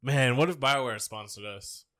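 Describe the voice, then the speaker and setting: A man's voice: mid-range voice, moderate pace, fairly bright tone, no echo, clean studio sound. A man co-hosting a podcast, talking in a crude, rambling, jokey way. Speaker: podcast co-host. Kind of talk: casual comedic chat.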